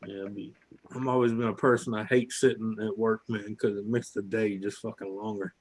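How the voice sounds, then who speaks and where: A man's voice: on the low side, level tone, fairly quick, breathy edge. A man chatting casually with friends on a video call, swearing freely and laughing at his own stories. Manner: crude, laughing storyteller. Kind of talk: casual chat.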